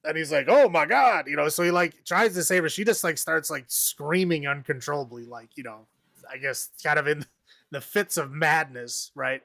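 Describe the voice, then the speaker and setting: A man's voice: a little high, fairly even intonation, normal speed, vocal fry, sharp tone, dry recording, clean studio sound. A man casually recapping a horror movie on a podcast, rambling, laughing often and acting out the characters' lines. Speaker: podcast co-host.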